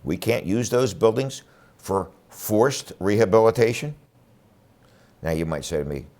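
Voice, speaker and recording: A man's voice: fairly low pitch, animated, unhurried, a little mellow. A man running for district attorney, speaking bluntly and emphatically in a campaign address. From Philadelphia area. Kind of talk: campaign speech to camera.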